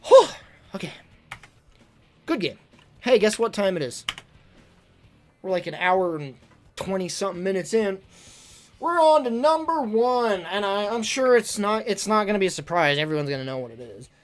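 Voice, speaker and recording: A streamer talking casually on a live stream, gushing and excitable, often stumbling and repeating words. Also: mid-range voice. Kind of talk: casual livestream talk ranking games.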